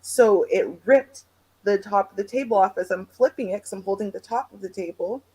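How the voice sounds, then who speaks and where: A woman from Canada co-hosting a podcast, telling stories in an animated, dramatic, chatty way. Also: mid-range voice, brisk, husky. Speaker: co-host. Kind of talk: casual chat.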